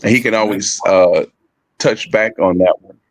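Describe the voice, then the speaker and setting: A lower-voiced man talks in a casual online discussion, stopping often with "uh" and "um" and restarting his sentences. He is speaking through a phone. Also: fairly even intonation. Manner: halting, many fillers and restarts. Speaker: co-presenter.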